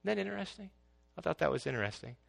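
Energetic male preacher, bright and gravelly. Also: a little high, rapid-fire. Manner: preachy, swings from quiet to loud exclaiming. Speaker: pastor. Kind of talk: sermon.

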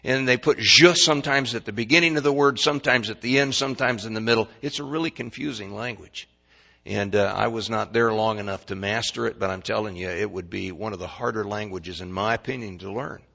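A man's voice: fairly low pitch, a little fast, creaky, sharp tone, highs cut off. An older man preaching a sermon as a pastor, in a folksy way, with stammered restarts and questions to the congregation.

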